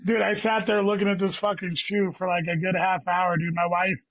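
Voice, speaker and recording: A man's voice: high voice, level tone, a little fast, a bit bright, dull audio. A man in his thirties, a guest comedian, rambling through a story and saying "dude" a lot. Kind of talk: casual chat.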